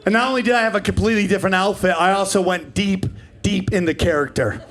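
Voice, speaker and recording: A man's voice: high-pitched, fast talker, fairly bright tone, slight background noise. A man in his forties performing a stand-up comedy set, brash and profane, riffing with the crowd. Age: 40s.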